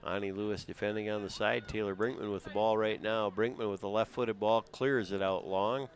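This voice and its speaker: Over background crowd noise, a play-by-play commentator covers an outdoor high school soccer match live. He talks a little fast but stays steady and conversational, often dropping in "uh."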